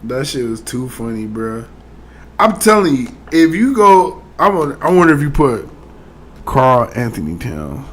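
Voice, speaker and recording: A man's voice: mid-range voice, sing-song, unhurried, a little hiss or hum. A man casually reacting to online clips in a slangy, amused, laid-back way.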